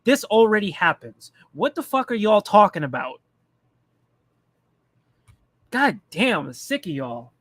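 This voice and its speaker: A man's voice: high-pitched, big pitch swings, a little slow, long pauses, fairly bright tone, no echo. A man ranting bluntly and profanely in casual political commentary, mocking the people he talks about. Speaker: commentary streamer.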